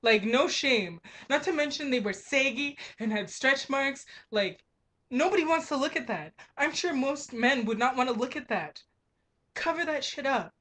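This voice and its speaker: A woman's voice: sits high, lively intonation, moderate pace, a bit bright. A young woman working as a grocery clerk, ranting in an exasperated, emphatic way with frequent swearing. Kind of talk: ranting vlog monologue.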